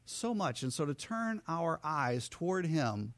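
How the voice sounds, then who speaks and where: A male pastor preaches with animated, theatrical energy and acts out the characters in his stories. His voice sits a little above the usual male range. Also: a little high, measured pace. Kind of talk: sermon.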